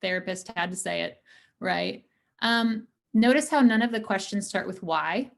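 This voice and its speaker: A woman's voice: mid-range voice, expressive, normal speed, gravelly. A woman therapist giving a casual talk to an audience, chatty and earnest, with many fillers and frequent "right?" checks.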